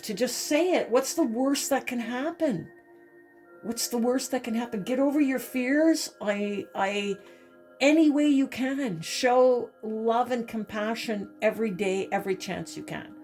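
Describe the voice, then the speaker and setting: A woman's voice: medium pitch, a little mellow. A woman doing a spiritual tarot reading, emotional and repeating herself, often saying "okay". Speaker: tarot reader.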